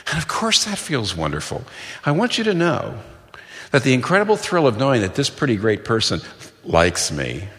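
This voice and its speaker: A middle-aged male preacher with a fairly low, bright, forceful voice, delivering an earnest sermon. He leans on key phrases, repeating and quoting them for emphasis. His voice rings with the long reverb of a large hall.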